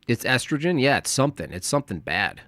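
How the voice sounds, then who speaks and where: A man's voice: medium pitch, sing-song, fast, a bit bright, no echo. A man streaming commentary on a video, mocking and laughing often in casual chat. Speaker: streamer reacting to a debate.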